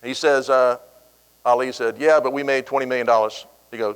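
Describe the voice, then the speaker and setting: A middle-aged man giving a speech, telling a personal story with animated delivery and acting out the voices of the people in it. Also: medium pitch, brisk, background noise. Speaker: keynote speaker.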